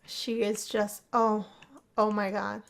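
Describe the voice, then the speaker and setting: A woman giving chatty, excitable commentary as she plays a life-simulation game, gasping and gushing over what happens. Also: mid-range voice, takes it slowly, vocal fry. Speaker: gameplay narrator. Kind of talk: casual let's play commentary.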